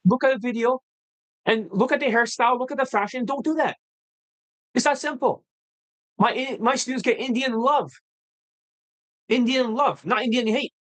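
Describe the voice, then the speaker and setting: The audio is poor as a very high-pitched man speaks at normal speed, pausing often, while hosting a dating-coach livestream. He rants off the cuff, bluntly and profanely, in a combative, excitable manner that keeps erupting into heated outbursts.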